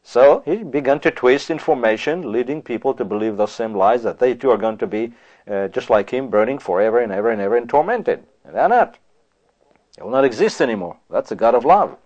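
A man preaching a sermon, asking rhetorical questions and reading scripture slowly and deliberately. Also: medium pitch, a little mellow, lo-fi sound.

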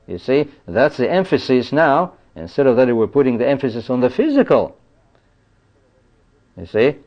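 Man preaching, "you see" teacher. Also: mid-range voice. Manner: repeats "you see" often, explanatory. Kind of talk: sermon, Bible teaching. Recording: dull lo-fi recording.

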